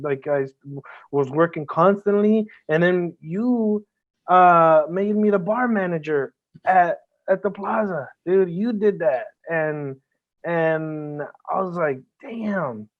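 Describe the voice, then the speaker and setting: A man's voice: fairly high pitch, unhurried. A man as a podcast guest, talking earnestly and emotionally, swearing a lot and often restarting his sentences. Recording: band-limited phone-like audio.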